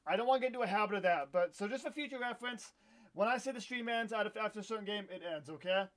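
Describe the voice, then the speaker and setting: Young man, high voice, excitable, swears a lot, live game-stream chatter. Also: rapid-fire. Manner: excitable, swears, outbursts of frustration. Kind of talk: live gameplay stream commentary.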